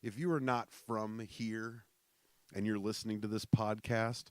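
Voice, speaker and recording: Chatty low-voiced man hosting a podcast. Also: level tone, measured pace, dry recording. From South Dakota. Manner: rambling, chatty, many fillers and restarts. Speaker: podcast host. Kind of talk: casual solo podcast chat.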